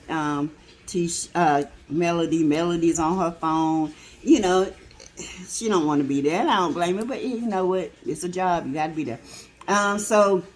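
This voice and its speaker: Sassy woman host, casual gossip recap, talks like chatting with friends, plenty of fillers. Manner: chatty, sassy, filler-heavy, laughs, swoops up high when excited. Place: in her car.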